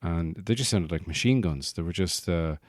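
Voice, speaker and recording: An Irish podcast host and stand-up comedian, deep-voiced and moderately paced, rambles through a jokey comic monologue. He slips into put-on accents, recorded in studio quality with no echo.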